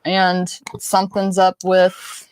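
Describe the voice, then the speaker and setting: Gravelly woman co-host. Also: fairly low pitch, monotone, slow pace, no echo. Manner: friendly, practical, thanks viewers. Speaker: co-host reading viewer comments. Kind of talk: casual livestream chat.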